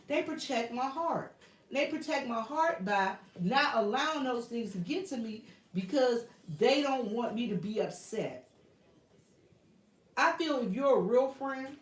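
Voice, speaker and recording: A woman's voice: sits high, echoey room, distant mic, low-quality recording. A woman with a Southern US accent hosting a casual livestream chat from her workshop, earnest and repetitive, calling her viewers y'all. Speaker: YouTube livestream host. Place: home workshop with a printer running.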